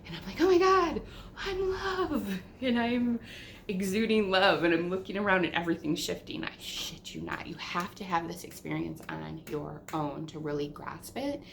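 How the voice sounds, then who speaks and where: A middle-aged woman gives a candid spiritual talk in a low voice with a gravelly, fry-laden edge. She tells her stories vividly, dropping to whispers and jumping to exclamations, and swears without a second thought. A faint hiss of noise sits beneath her voice. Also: steady tone, moderate pace, hardly any pauses. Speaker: spiritual teacher. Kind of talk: casual spiritual teaching monologue.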